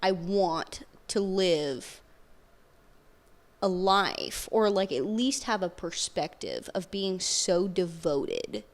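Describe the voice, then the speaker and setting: A young woman telling a personal story in casual podcast conversation, animated and peppered with "like". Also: fairly low pitch, slow pace. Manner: animated storytelling, heavy use of "like".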